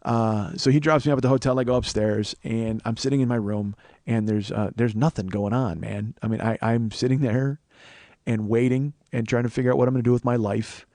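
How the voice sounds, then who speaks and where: A man's voice: mid-range voice, steady tone, fairly quick, darkish tone, dry recording. A man in his forties hosting a comedy podcast, telling a long story in a profane, rambling way, full of self-corrections and asides. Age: 40s. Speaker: podcast host.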